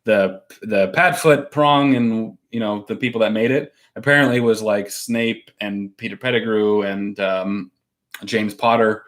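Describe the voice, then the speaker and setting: A man's voice: on the low side, unhurried, a bit bright. A man co-hosting a casual live stream at home, reading out viewer comments and rambling through his answers with frequent fillers and laughs.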